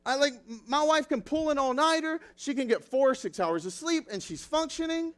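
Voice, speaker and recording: Man, thirties, pastor: bright high voice, loose chatty sermon, lots of "like" fillers. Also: lively intonation, moderate pace. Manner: chatty, self-deprecating, filler-heavy. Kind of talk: casual sermon with personal stories.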